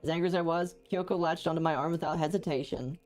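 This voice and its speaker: Female gaming streamer, lowish voice, acts out the dialogue and quips between lines, faint music behind. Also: fairly even intonation, quick pace, a little mellow. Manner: voices the characters' lines, then adds joking asides. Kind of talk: reading game dialogue aloud and reacting.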